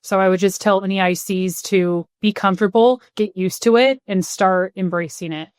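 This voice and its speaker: A woman's voice: mid-range voice, steady tone, moderate pace, darkish tone, smooth, no room sound, clean studio sound. A woman in her thirties, a podcast guest, speaking upbeat and laughing easily. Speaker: guest, partnerships leader. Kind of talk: conversational interview.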